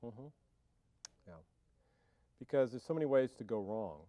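A film actor, interviewed about his craft, speaks at normal speed in a medium-pitched, dark voice with no room sound. He's casual and wry, cracking jokes and trailing off into fillers and restarts.

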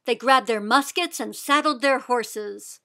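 A woman reading a children's picture book aloud with expressive, deliberate storytelling. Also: a little high. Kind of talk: read-aloud storybook narration.

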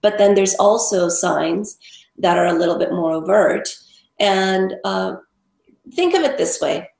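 Gravelly low woman in an echoey room. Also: lively intonation, unhurried, a little mellow. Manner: emphatic, repeats words for stress. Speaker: dog trainer guest. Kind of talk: explanatory interview talk.

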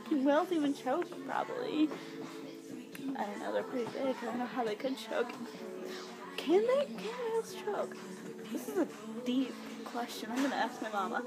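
A young woman chatting in a rambling, giggly, excitable way as she vlogs on her phone while walking through stores. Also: a little high, moderate pace, music in the background, poor audio. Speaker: vlogger. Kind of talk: casual vlog chat. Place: inside stores and a mall. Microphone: phone held while filming.

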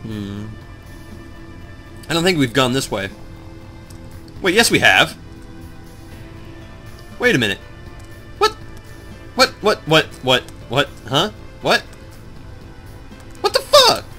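A man chats over a game he is playing, rambling and swearing at his own confusion, his pitch leaping around in lively swings. His voice is bright and forward, and faint game music plays underneath. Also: slow pace, long pauses. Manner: rambling, excitable, swears a lot, talks to the viewers. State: groggy, just woke up. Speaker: let's play commentator. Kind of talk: casual gameplay commentary.

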